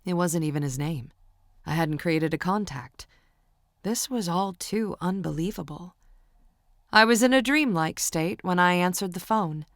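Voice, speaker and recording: A woman narrating a romance audiobook in the first person, in a steady, intimate storytelling manner. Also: lowish voice, measured pace, dry recording, studio quality.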